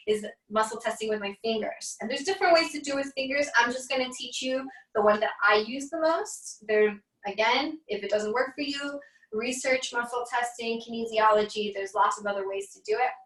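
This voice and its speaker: A casual, chatty woman teaching an online class and laughing easily. Her voice sits a little high. She is heard from a distance in an echoey room over a video call. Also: fairly quick, a bit bright.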